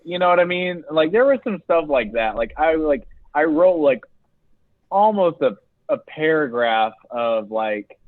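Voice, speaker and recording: A man's voice: medium pitch, no echo. A young man co-hosting a casual podcast, telling rambling stories and laughing as he talks. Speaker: podcast co-host. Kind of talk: casual chat. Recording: dry, tinny phone-like sound.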